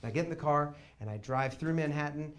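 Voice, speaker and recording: A man's voice: on the high side, fast talker. Man telling a story on stage. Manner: conversational, shouts quoted lines for comic effect. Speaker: comedian. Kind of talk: live storytelling stand-up. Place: small theater stage with audience.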